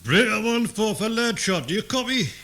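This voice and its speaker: A man's voice: sits high, animated, moderate pace, bright, forceful tone, a little hiss or hum, full character voice. An actor playing a Geordie father asking for directions over CB radio in concise radio jargon, with a Geordie accent. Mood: courteous. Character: Geordie father lost driving, polite CB user.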